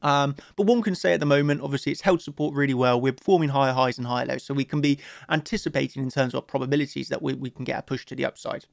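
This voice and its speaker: Upbeat man with a gravelly voice. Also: medium pitch, fairly even intonation, fast talker, few pauses, no echo, studio quality. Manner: chatty, upbeat, heavy use of "you know" fillers. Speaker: crypto trading analyst host. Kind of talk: casual chart analysis talk.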